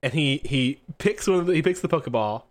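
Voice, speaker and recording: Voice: mid-range voice, expressive, brisk. A player narrating a tabletop role-play scene, rambling with many fillers.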